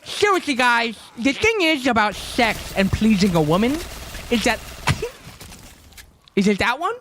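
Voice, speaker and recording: A man's voice: extremely high pitch, animated, unhurried, a bit bright, a little hiss or hum. A young man livestreaming, chatting casually with viewers in a joking, rambling way. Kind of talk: casual stream chat with viewers.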